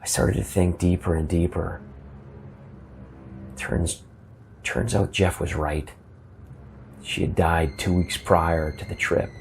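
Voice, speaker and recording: A man telling a first-person ghost story in a halting, earnest way, often repeating words as he gets emotional. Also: low-pitched, steady tone, vocal fry, slight background noise.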